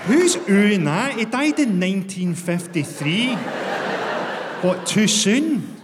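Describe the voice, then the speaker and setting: Deadpan Glaswegian stand-up with a dark edge. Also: male voice, sits high, slow pace, crowd noise. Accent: Glaswegian Scottish. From Scotland. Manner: deadpan, dark and profane, with bursts of mock outrage. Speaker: stand-up comedian. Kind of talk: stand-up comedy set. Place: comedy venue with audience laughter. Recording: long hall reverb, clear ambient noise.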